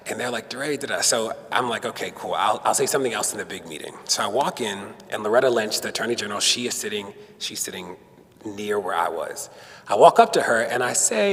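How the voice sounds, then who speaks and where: A man's voice: medium pitch, animated, fast talker, fairly bright tone. A man giving a conversational speech to an audience as guest speaker, telling stories and acting out quotes. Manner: storytelling with acted-out quotes. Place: synagogue hall. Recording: long hall reverb.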